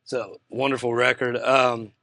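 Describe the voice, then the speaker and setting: Male interview host; enthusiastic, laughs easily, bright tone. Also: medium pitch, flat delivery, a little slow, creaky, no echo. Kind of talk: casual interview.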